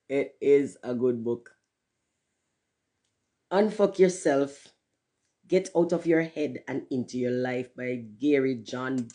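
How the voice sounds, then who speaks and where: A woman talking candidly to her viewers in a casual livestream monologue, cursing freely and slipping into patois. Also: husky. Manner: candid, profane, swings between loud emphasis and low murmurs; drifts into patois phrasing. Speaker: channel host.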